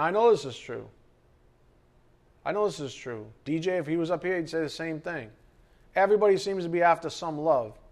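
A man's voice: medium pitch, darkish tone. A man, a pastor preaching a sermon from the pulpit, who repeats key phrases and asks the congregation rhetorical questions. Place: church, behind the pulpit.

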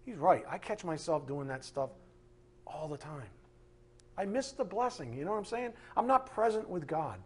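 Husky, higher-pitched middle-aged male preacher; emphatic and rhetorical, swinging loud to soft. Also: expressive, normal speed. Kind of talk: sermon.

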